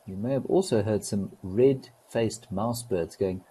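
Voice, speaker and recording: Man, live nature stream host, relaxed and wry, lowish husky voice. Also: measured pace, low-quality recording. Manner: relaxed, gently wry, chatty. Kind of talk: live nature commentary with viewer greetings.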